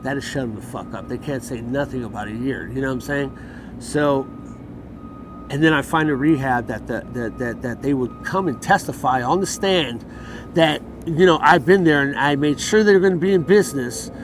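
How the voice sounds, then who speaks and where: Speaking at a normal speed in a mid-range voice, a man shares his story in a casual interview on a city street. He's angry and profane, voicing the words others said to him, and outdoor traffic noise fills the background.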